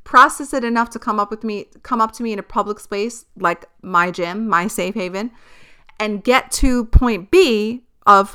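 Her fairly high voice is animated, sharp and smooth, and she takes her time. This young podcast host shares a personal story in a casual monologue, sounding candid and exasperated while she swears and laughs a lot.

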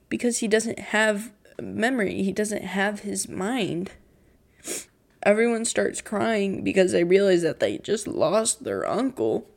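A teenage girl talking slowly through a casual solo podcast recap, rambling with lots of "like". Her voice quakes as she tries not to cry. She stays heartfelt and a little giggly. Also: mid-range voice, gravelly, a little mellow. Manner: emotional, near tears, giggly, rambling with many "like"s. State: voice quaking on the verge of tears. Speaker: podcast host.

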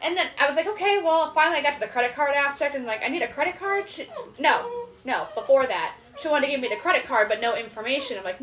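A woman's voice: sits high, fast talker, highs cut off, slight background noise. A woman co-hosting a casual podcast, telling profane stories and acting out what other people said. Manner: profane, animated storytelling with acted-out quotes. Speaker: podcast co-host. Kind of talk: casual chat.

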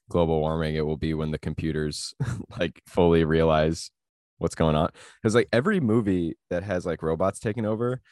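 A man's voice: deep voice, darkish tone, no echo, clean studio sound. A man hosting a podcast, chatting loosely and crudely with lots of fillers. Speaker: podcast host. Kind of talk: casual crude comedy chat.

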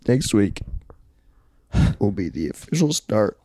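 A young man co-hosting a comedy podcast, swinging between mock-angry ranting and hushed, fake-solemn confessions. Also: fairly low pitch, dry recording, studio quality. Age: young adult. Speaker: podcast co-host. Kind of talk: casual comedic podcast banter.

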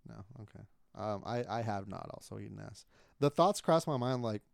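A young man co-hosting a casual podcast, retelling a story in an animated, profane way with frequent laughter. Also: lowish voice, normal speed, gravelly, dry recording. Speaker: podcast co-host.

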